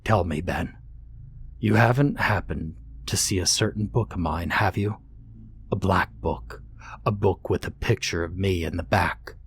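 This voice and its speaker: A man voicing a cold, vengeful ghostly boy who speaks in a hollow, hushed, slow way. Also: sits low. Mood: menacing.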